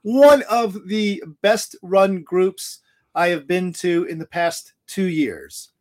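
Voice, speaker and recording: A man's voice: sits high, lively intonation, takes it slowly, darkish tone. Joking male podcast co-host. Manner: joking, teasing. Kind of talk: casual podcast chat.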